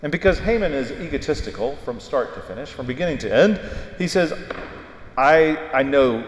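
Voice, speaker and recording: A man preaching a sermon in a church, retelling a story with animated, emphatic delivery. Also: a little high, fast. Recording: echoey hall with long reverb.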